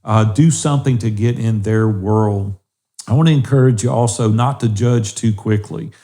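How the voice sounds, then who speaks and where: A man's voice: on the low side, normal speed, mellow. A middle-aged man co-hosting a faith-based podcast, earnestly encouraging listeners. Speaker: podcast co-host.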